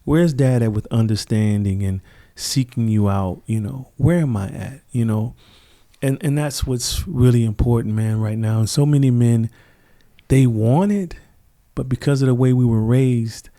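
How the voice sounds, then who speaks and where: Earnest man with a mellow, warm voice. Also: mid-range voice, moderate pace. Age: middle-aged. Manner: earnest, reflective, acts out quoted people. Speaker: podcast guest. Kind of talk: conversational interview storytelling.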